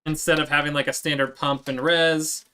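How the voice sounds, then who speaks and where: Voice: medium pitch, little pitch movement, normal speed, bright, forceful tone, clear, resonant tone. A live streamer chatting casually with viewers while working, answering chat as they go.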